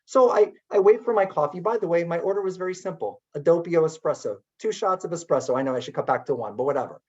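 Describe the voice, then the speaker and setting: A middle-aged man telling a story in a webinar talk as keynote speaker, chatty and animated with many filler words. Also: a little high, quick pace. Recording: dull lo-fi webinar audio.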